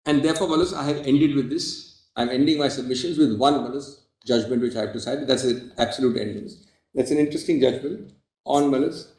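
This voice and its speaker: A man with an Indian English accent, a senior advocate making a formal, emphatic legal argument in court, often pausing on "well, as". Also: medium pitch, a little mellow. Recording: echoey courtroom audio.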